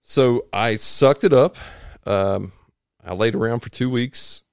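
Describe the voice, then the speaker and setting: A man, a triathlete guest, telling his stories in a rambling, animated way in a home garage. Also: medium pitch, slow, creaky, clear, resonant tone, no echo, studio quality. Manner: rambling, animated storytelling with restarts. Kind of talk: casual storytelling interview.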